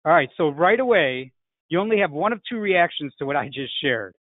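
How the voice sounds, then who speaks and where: Sales coach, male, fairly high voice, emphatic, thin phone-like sound. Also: expressive, a little fast, no room sound. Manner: emphatic, frequent "right?" tags. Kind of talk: online sales class. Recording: tinny phone-like line, dry.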